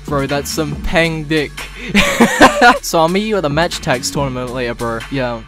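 A man's voice: on the high side, huge pitch swings, measured pace, over music, voice pushed down. A man voicing a crude, swaggering young lad in a parody fan dub of a cartoon. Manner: crude, boastful, slangy.

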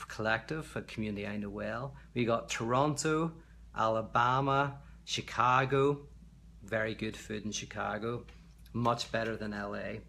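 A man's voice: fairly low pitch, vocal fry, a bit bright, a little hiss or hum. A man from Belfast, hosting a casual livestream from his home, chatty and rambling, reading out viewer comments. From Belfast, Northern Ireland. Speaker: livestream host. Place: at home, indoors.

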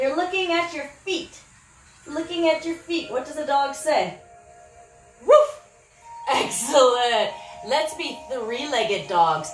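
A woman's voice: high voice, echoey room, low-quality recording. A woman teaching preschool yoga, encouraging and sing-song, making animal sounds as she guides the poses. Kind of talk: guiding a preschool yoga class.

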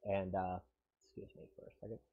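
A man narrating a tabletop game as game master on a live stream, halting, with many fillers and casual swearing. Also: sits low, little pitch movement, phone-quality sound.

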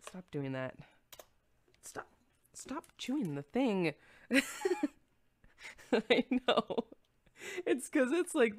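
In a dry recording made in a room at home, a young woman with a low-pitched voice streams and chats casually with her viewers. She rambles, gets easily distracted, and giggles often.

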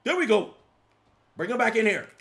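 A young man giving excitable live commentary while playing a video game, often yelling at the screen. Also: high-pitched, moderate pace. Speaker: gaming YouTuber.

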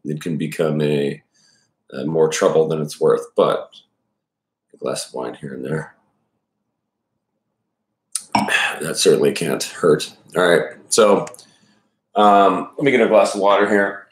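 A man's voice: rumbling low, slow pace, long pauses, roomy sound. A man giving casual, rambling commentary before reading a novel chapter aloud, full of fillers and restarts. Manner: rambling, many restarts and fillers, self-deprecating.

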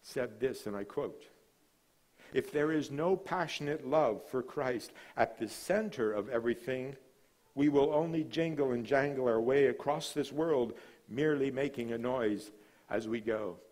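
A man giving a sermon as a guest missionary speaker, moving between proclaiming lines and quiet, hushed storytelling. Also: mid-range voice, unhurried. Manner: dramatic preaching with sudden drops to a hush; storytelling, relaxed asides.

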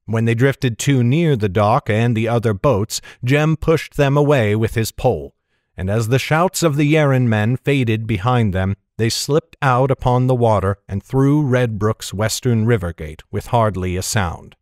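A man narrates a fantasy story in a steady, measured way. His voice sits at a middling pitch and is recorded dry and close to the mic. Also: dry recording. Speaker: audiobook narrator.

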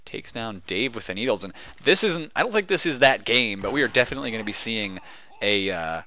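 A young man casting a competitive video game match alone, excitable and jokey, rambling into asides full of fillers. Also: fairly low pitch, fairly quick. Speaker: esports caster. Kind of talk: solo play-by-play commentary.

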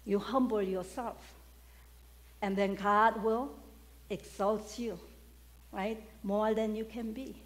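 A woman's voice: medium pitch, fairly even intonation, slow, pauses often. A woman preaching a sermon, asking the congregation questions and stressing key words. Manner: questions the congregation, emphatic call-and-response.

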